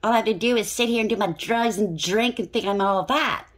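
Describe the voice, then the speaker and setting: A woman's voice: mid-range voice, fairly quick, voice pushed up, lightly acted. A woman putting on the voice of a smug, idle, freeloading narcissist during a tarot reading, boasting and self-satisfied.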